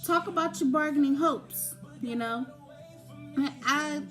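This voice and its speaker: A woman's voice: sits high, takes it slowly, fairly bright tone. A young woman giving informal, conversational advice about grief, with frequent fillers. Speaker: grief talk presenter. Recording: faint background music.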